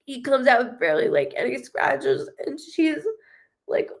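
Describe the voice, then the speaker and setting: Emotional, halting woman medium. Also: sits high, very animated. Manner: halting, rambling, full of restarts and fillers; emotional and blunt, swears freely. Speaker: psychic medium. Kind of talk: live-streamed reading.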